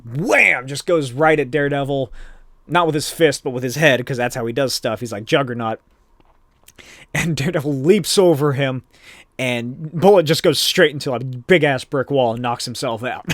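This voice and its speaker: A man's voice: medium pitch, normal speed, no echo. Rambling male podcast host, dry sound. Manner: rambling, lots of "like" and "um" fillers. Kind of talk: casual comic book recap.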